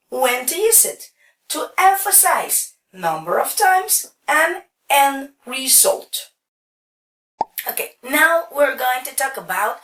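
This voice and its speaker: A woman's voice: sits high, fairly bright tone. A woman teaching an English grammar lesson, explaining step by step and checking in often with "okay". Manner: slow, explaining step by step with frequent okays. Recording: roomy echo, distant from mic.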